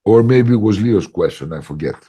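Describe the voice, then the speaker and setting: A man facilitating ayahuasca workshops, telling a story in a casual podcast chat, animated and emphatic with lots of "like" fillers. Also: fairly low pitch, brisk, slightly rough.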